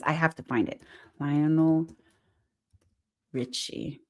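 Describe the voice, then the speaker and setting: Woman host, casual live-stream chatter, excitable, talks straight to viewers. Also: fairly low pitch, a little slow. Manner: chatty and excitable, reads viewer comments aloud. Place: Montreal.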